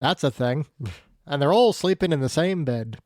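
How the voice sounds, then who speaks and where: Man, fairly high voice, sardonic, casual review chat, dry sound. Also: expressive, normal speed, darkish tone, no echo. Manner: sardonic, swears freely. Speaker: podcast panelist.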